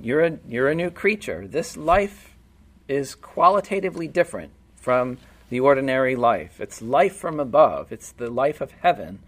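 Man preaching a casual sermon. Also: medium pitch. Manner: conversational, asks the room questions. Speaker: pastor.

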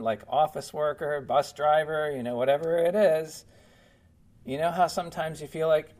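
A man's voice: mid-range voice, a little mellow. A man preaching a Bible-teaching sermon in a casual, conversational way, filling his talk with "you know" and "um". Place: church.

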